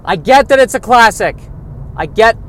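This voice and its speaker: A man hosting a solo comedy podcast from his car, wry and self-deprecating, breaking into loud exasperated rants. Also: high voice, expressive, moderate pace. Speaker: podcast host. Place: in a car while driving and parking.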